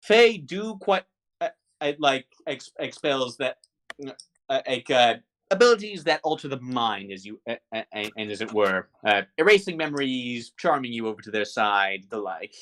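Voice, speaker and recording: A man running a tabletop game and answering in character, halting often with fillers and restarts. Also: medium pitch, lively intonation, a bit bright. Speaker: game master.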